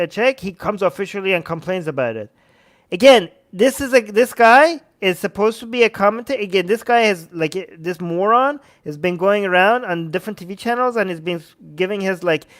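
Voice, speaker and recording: High-voiced man ranting with profanity. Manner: profane, heated, mocking; escalates to shouting. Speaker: host reacting to clips. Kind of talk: ranting commentary.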